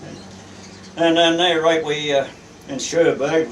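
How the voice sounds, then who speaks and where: An older Australian man, a retired merchant seaman, reminiscing at length with halting, rambling speech and many fillers. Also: fairly high pitch, fairly even intonation, a bit bright, slight background noise. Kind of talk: reminiscing storytelling. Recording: roomy, distant mic, faint ambience.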